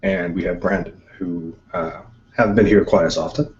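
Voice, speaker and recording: Low-voiced man hosting a lo-fi video chat. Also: fairly even intonation, moderate pace, crowd noise. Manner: articulate, explains at length. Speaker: host of an online discussion group. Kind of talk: casual group video chat. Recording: dull lo-fi web call audio.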